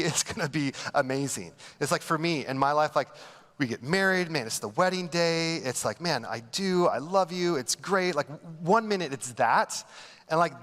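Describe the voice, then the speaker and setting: In a large church auditorium with big-room sound, a pastor with a slightly high, somewhat bright voice preaches a humorous sermon. He tells stories animatedly and mocks the voices of the people he quotes.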